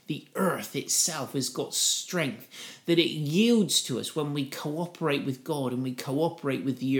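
A middle-aged man preaching in a conversational way, lifting his voice when reading scripture aloud. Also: fairly high pitch. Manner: conversational, reads scripture with raised voice for quotes. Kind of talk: informal Bible teaching.

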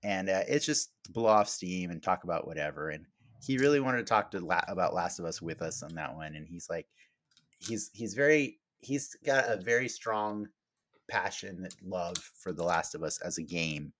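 Low-voiced man hosting a podcast. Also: lively intonation, fairly bright tone, dry recording. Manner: rambling, many restarts and fillers, quick bursts. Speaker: podcast host. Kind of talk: casual podcast chat.

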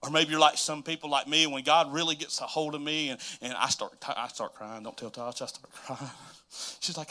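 A man preaching a casual, emotional sermon in a church, swinging from loud exclamations to soft asides. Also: medium pitch, steady tone, fairly quick. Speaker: pastor. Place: church sanctuary.

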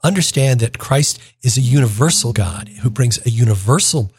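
A man's voice: mid-range voice, lively intonation, normal speed, a little mellow. A man, a deacon, explaining the week's gospel on the radio in an informal, plain-spoken way.

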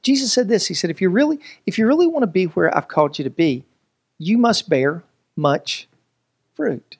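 Pastor guy preaching, high-pitched, jokey, does little voices. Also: moderate pace, gravelly, breathy edge. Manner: animated, joking, preacherly delivery with voices and asides. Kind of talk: sermon.

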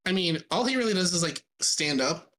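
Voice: mid-range voice, expressive, fairly quick, fairly bright tone, a little hiss or hum. A podcast co-host in casual gaming chat, jokey and laughing often.

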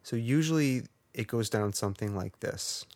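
Brief: podcast co-host, male, gravelly voice, dry close sound, profane sarcastic rant. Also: on the low side, moderate pace, a little mellow, no room sound.

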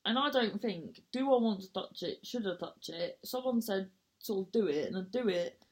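A woman's voice: mid-range voice, normal speed. A woman, a comedian and actor, telling a rambling story with self-mocking asides and casual swearing.

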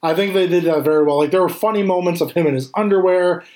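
Casual male talker, fairly high voice, animated and profane. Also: quick pace. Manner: animated, swears freely, acts out scenes. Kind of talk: casual chat.

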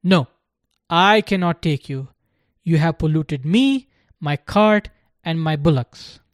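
A narrator voicing a scornful adult cart driver who yells angrily, in a storybook reading. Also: medium pitch, slow pace, no room sound, clean studio sound, lightly acted. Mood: refusing. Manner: yelling angrily.

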